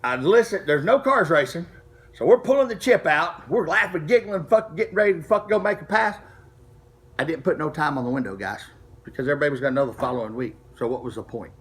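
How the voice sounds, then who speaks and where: A middle-aged man casually telling a racing story to camera, profane and animated, acting out the people he quotes. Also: fairly high pitch, fast. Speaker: street racer telling a story.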